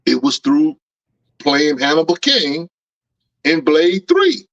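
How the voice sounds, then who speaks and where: A man's voice: on the high side, big pitch swings, slow, a bit bright, dry recording. A man co-hosting a comics podcast in casual chat, who often repeats phrases as he builds a point. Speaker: podcast co-host. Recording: dull lo-fi mic.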